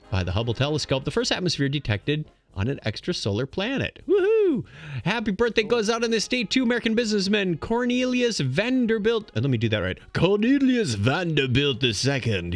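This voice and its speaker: A man with a high voice that jumps around a lot co-hosts a podcast, reading dates and birthdays while joking with his partner and laughing easily. Faint music plays softly under his voice. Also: dry recording. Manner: animated, joking, quick to laugh. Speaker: podcast co-host. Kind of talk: casual chat reading this-day-in-history.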